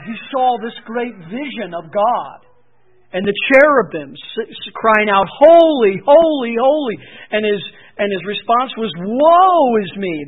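A male preacher with a high voice teaches verse by verse, now and then lifting into emphatic scripture readings. He comes through a tinny, phone-like radio broadcast. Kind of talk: expository sermon.

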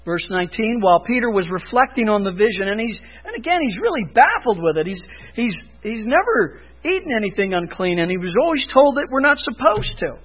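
A man preaching a sermon as pastor, emphatic, rising loud for emphasis and dropping low. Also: very animated, fairly quick, husky, muffled recording.

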